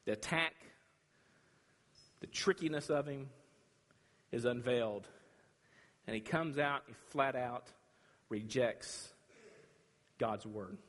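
Slow, dramatic preacher in a hall. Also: male voice, medium pitch, fairly bright tone. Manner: dramatic, emphatic, with long pauses between phrases. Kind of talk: sermon. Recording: reverberant hall.

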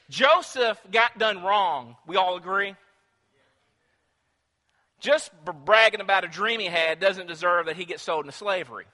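A man preaching a sermon in a church, telling a story in an animated way, acting out voices and putting questions to the congregation. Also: high voice. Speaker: pastor. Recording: long reverb in a church hall.

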